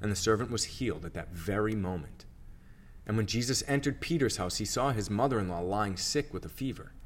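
A man reading scripture aloud for a church reading plan, in a steady, measured narration. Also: on the low side. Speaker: scripture reader.

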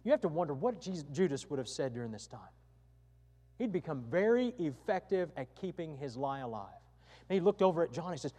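A man's voice: high voice, big pitch swings, fast, warm tone, long reverb tail. A male pastor delivering a sermon, emphatic and given to repeating his phrases.

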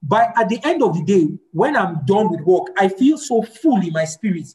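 A woman's voice: medium pitch, big pitch swings, normal speed, mellow, rough recording. Woman teaching with repeated emphasis. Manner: practical, repeats words for emphasis. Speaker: teacher leading a group session on fasting. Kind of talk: teaching and answering questions.

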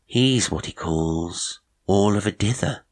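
A man's voice: on the low side, animated, slow pace. A man voicing a half-shy, sly teenage boy who confides hints in slangy, polite talk. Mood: confiding.

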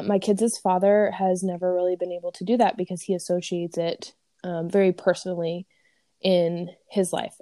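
A woman co-hosting a podcast, chatting casually and telling animated stories. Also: lowish voice, no echo, studio quality. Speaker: podcast co-host. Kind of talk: casual chat.

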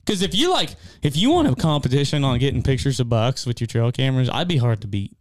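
A middle-aged man, co-hosting an outdoors show and telling animated, folksy stories in casual chat. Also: medium pitch, fast talker, no echo. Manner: folksy, animated storyteller with rural grammar. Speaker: co-host of an outdoors hunting show.

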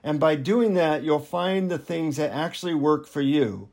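A male author on an interview show, talking in a relaxed, anecdotal way. He pokes gentle fun at himself as he goes, and his voice sits somewhat high for a man. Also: moderate pace, vocal fry. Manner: relaxed, self-deprecating, anecdotal. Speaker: author and guest. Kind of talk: interview storytelling.

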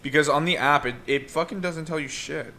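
Young male co-host, bright tone, eager casual chatter. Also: a little high, fairly quick, slight background noise. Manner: enthusiastic, swears casually. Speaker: podcast co-host. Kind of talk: casual chat.

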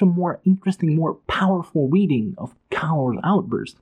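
A man's voice: on the high side, animated, moderate pace, darkish tone, slightly rough. A man giving an emphatic, profane, passionate casual analysis of a book. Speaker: book commentator.

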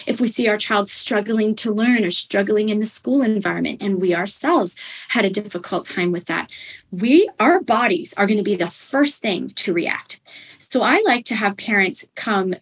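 A woman's voice: medium pitch, husky, low-quality recording. A young adult woman, a parenting coach, explaining in an earnest, conversational way with frequent fillers.

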